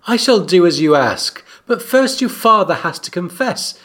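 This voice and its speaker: A man's voice: sits high, very animated, moderate pace, fairly bright tone, full character voice. A man voicing a petulant teenage boy king, reading the lines fairly plainly.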